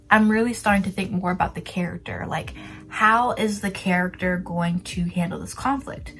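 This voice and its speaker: A woman's voice: mid-range voice, moderate pace, poor audio. Chatty young woman with whispered asides. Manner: chatty, self-deprecating, with soft whispered asides. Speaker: writer sharing writing tips. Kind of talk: casual chat to camera.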